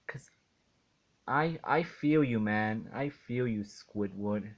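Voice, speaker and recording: A man reviewing a cartoon episode in an indignant rant, halting and restarting as he talks. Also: lowish voice. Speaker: video reviewer.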